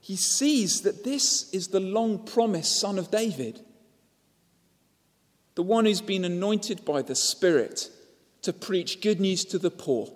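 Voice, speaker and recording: A man's voice: high voice, expressive, slow pace, long reverb tail. A man preaching a sermon, telling the story and asking rhetorical questions.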